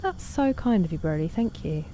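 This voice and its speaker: A woman's voice: on the low side, big pitch swings, normal speed, dark tone, slight background noise. A woman chatting casually while streaming a game, reading and answering chat in a self-deprecating way.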